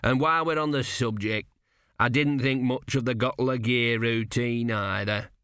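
A man reading an audiobook, voicing a weary, patient veteran male embalmer who speaks slowly. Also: mid-range voice, steady tone, pushed and bright, clean tone, no room sound, studio quality, natural voice. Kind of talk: audiobook character voice.

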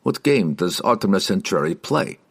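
A man's voice: low voice, big pitch swings, normal speed, gravelly, slightly rough, full character voice. A man doing a sly, menacing guildmaster. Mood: musing. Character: scheming male guildmaster, cold and possessive.

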